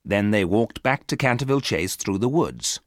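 A man reading a storybook aloud for learners, in a clear, deliberate way. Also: on the low side, animated, no echo, studio quality. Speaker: narrator.

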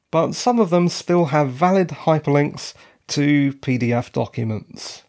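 A man's voice: fairly high pitch, gravelly, a little mellow. A man from the UK hosting his own podcast, talking casually with wry asides, his voice cracking slightly. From United Kingdom. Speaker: podcast host. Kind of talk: casual solo podcast talk.

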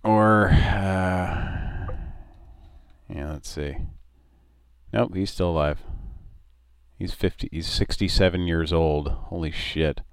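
A man's voice: low-pitched, takes it slowly, long pauses, clean tone, no echo, clean studio sound. A man co-hosting a casual comedy talk show, laughing often and bantering loosely. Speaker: podcast co-host.

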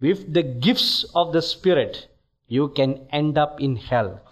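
A male preacher giving an emphatic, deliberate sermon in a church, building to exhortations. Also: fairly high pitch.

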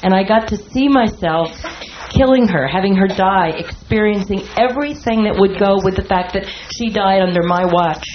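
A woman's voice: mid-range voice, normal speed. A woman in a workshop earnestly telling a personal story with strong emotion. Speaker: workshop participant. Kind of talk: personal account. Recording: dull lo-fi sound with faint noise.

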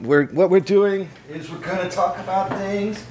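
A man's voice: high voice, normal speed, a little mellow, slight background noise, voice pushed up, close to an everyday voice. A man playing a rambling, overexcited amateur podcaster in a comedy sketch. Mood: eager. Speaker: podcast co-host in a parody sketch.

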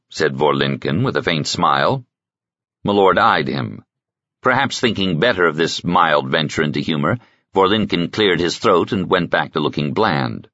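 A man narrating an audiobook in a measured, expressive reading on a close mic. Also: rumbling low, dry recording, lo-fi sound.

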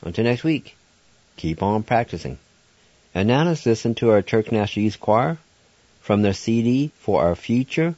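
A man's voice: fairly low pitch, big pitch swings, normal speed, darkish tone, no echo, lo-fi sound. A man hosting a radio language lesson who patiently spells out each word letter by letter and then pronounces it.

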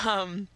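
Bright-voiced young woman chatting. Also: no room sound. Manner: chatty, restarts often, laughs easily. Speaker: co-host. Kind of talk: casual chat.

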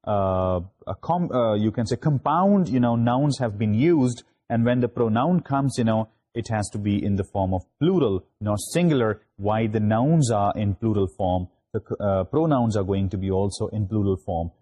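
Pakistani-accented male university lecturer, mellow and warm tone, recapping grammar in a halting way full of restarts. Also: lowish voice, animated. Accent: Pakistani English. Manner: halting, many fillers and restarts.

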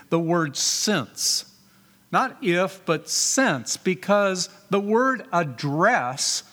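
A man's voice: fairly high pitch, a bit bright. A male pastor preaching a sermon, posing rhetorical questions, repeating key words for emphasis and reading scripture aloud. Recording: reverberant church hall.

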